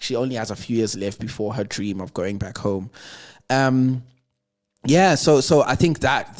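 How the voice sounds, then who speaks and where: A young South African man, a podcast guest, earnestly telling a personal story in conversation. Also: mid-range voice. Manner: earnest, reflective retelling with emotional weight.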